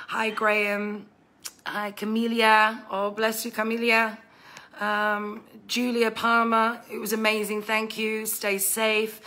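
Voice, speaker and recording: A woman with a bright, forceful voice speaks into a phone on a live stream. She gushes thanks to her viewers, full of ums, and sounds emotional. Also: mid-range voice. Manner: gushing, warm thanks with many fillers. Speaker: bar owner hosting a live stream.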